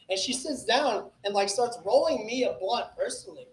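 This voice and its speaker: A man with a raspy, hoarse voice doing a profane, rambling stand-up set about drug trips at an open mic. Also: very high-pitched, lively intonation, moderate pace. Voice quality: raspy from festival flu. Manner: profane, rambling stoner storytelling. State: hoarse, coughing. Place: small comedy club stage. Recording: echoey club room.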